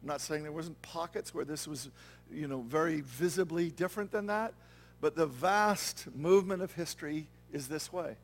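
A pastor with a slightly high voice preaches a sermon in church at normal speed. He's earnest and conversational, often checking in with the congregation with "okay?" and "right?"

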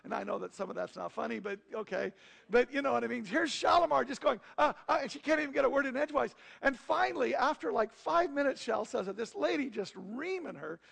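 A middle-aged man preaching, telling a story in a lively, conversational way with asides to his congregation. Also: very high voice, fast, creaky, breathy edge. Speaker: pastor. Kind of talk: storytelling sermon.

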